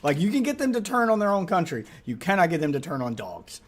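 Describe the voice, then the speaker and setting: A man's voice: high voice, big pitch swings, fast talker. A man hosting a livestream, reacting to a video with wry, joking asides. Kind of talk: casual reaction chat.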